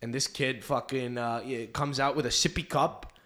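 A man's voice: medium pitch, steady tone, normal speed, fairly bright tone. A young man hosting a podcast in casual chat, rambling through stories and swearing often. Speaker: podcast host.

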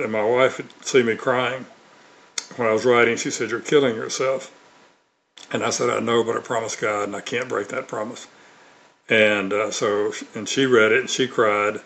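A man's voice: on the low side, a bit bright. An older man from Mississippi, telling stories in an interview as an author and evangelist. He speaks earnestly, with many fillers and restarts. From Mississippi, USA. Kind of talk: storytelling in an interview.

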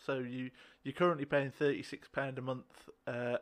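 A man's voice: mid-range voice, little pitch movement, moderate pace. A man chatting casually and telling a matter-of-fact story about a phone call. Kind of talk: casual chat.

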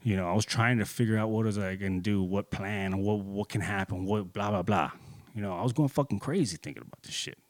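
A man's voice: fairly low pitch, brisk, no echo. A man telling a personal story in a casual, heated and profane way, rambling and full of fillers like "dude" and "you know".

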